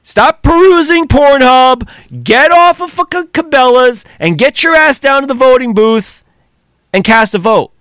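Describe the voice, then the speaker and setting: A man hosting a podcast, delivering an angry, profanity-laden solo rant with heated shouting outbursts. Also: very high-pitched, a little slow, clean tone, no echo, studio quality. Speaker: podcast host.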